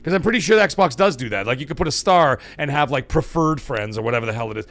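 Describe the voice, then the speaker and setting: Animated man hosting a charity livestream. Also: medium pitch, fast, faint music behind. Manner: excitable, swears often, reads donations aloud. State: emotional, voice catching. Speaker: livestream host. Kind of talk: casual livestream chat.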